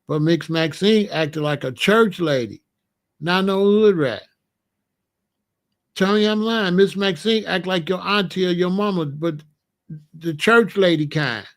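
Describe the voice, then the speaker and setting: A man's voice: high voice, a little slow, pauses often, fairly bright tone. Guy ranting bluntly at his viewers, casual commentary. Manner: blunt, emphatic, talks straight to viewers.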